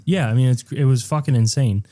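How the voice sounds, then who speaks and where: A man's voice: mid-range voice, a little fast, warm tone. A man co-hosting a podcast, recapping a movie in crude, joking casual chat. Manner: crude, joking, acts out characters in put-on voices. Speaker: podcast co-host.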